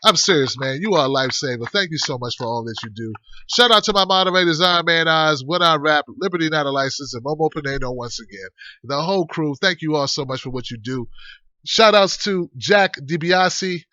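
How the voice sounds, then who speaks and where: A male livestream host with a high, sharp voice that sits dry and close. He talks in a loose, rambling way and fires off animated shout-outs. The sound is dull and lo-fi. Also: fairly quick, no room sound. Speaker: host of an online talk show. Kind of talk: casual livestream chat. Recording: dull lo-fi stream audio.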